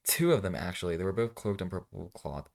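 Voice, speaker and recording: A man with a low voice reads a fan story aloud in a comedic way. He keeps stopping to mock the writing with dry, sarcastic remarks, and his tone stays deadpan. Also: fairly quick, gravelly. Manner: sarcastic, deadpan asides between dramatic readings. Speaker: reaction video host. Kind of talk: comedic fanfic reading with commentary.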